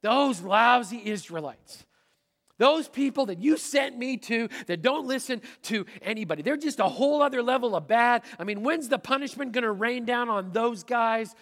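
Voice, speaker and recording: A middle-aged man preaching a sermon, dramatic, voicing inner thoughts aloud and swinging from loud to hushed. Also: very high voice, lively intonation, moderate pace. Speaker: pastor. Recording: hall reverb.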